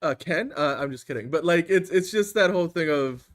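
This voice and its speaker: A man with a fairly high voice hosts a casual podcast chat. He rambles in an animated way and fills his talk with filler words. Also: a little fast. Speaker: host.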